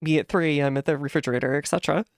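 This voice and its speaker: A woman's voice: low-pitched, steady tone, racing, slight background noise. A young woman chatting casually while playing a game, rambling with lots of fillers. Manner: rambling, many fillers and restarts, giggly.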